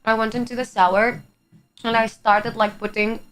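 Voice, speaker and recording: A woman's voice: a little high, little pitch movement, normal speed. Chatty Greek woman livestreaming, faint music. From Greece. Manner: chatty, laughs often, swears casually. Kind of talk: casual chat with live chat.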